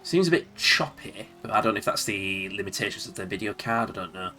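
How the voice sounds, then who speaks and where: A game streamer from Leeds, England, with a Yorkshire accent, rambles and chuckles to himself while playing old games in casual live commentary. His lowish voice has lively intonation, a little fast, pushed and bright, over soft background music.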